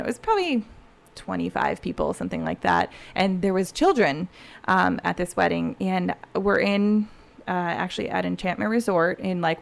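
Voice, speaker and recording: A woman wedding planner telling stories as a guest on a casual podcast, chatty and animated, often saying "you know". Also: fairly low pitch, creaky. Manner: animated, laughing storyteller.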